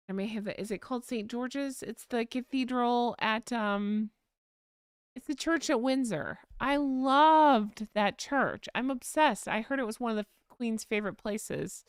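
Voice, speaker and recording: A woman's voice: fairly high pitch, clean tone, no room sound, clean studio sound. An American woman hosting a casual live chat stream, chatting and reading out viewer comments. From United States. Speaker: livestream host.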